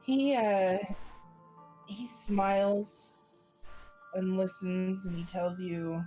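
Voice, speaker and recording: A woman narrating as game master in a tabletop game, calm and unhurried. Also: medium pitch, rough recording. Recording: faint music behind.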